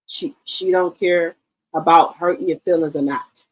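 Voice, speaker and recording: A middle-aged woman hosting a livestream, chatting in a casual, animated storytelling way and calling her listeners baby and girl. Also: on the low side, normal speed, rough recording. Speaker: livestream host.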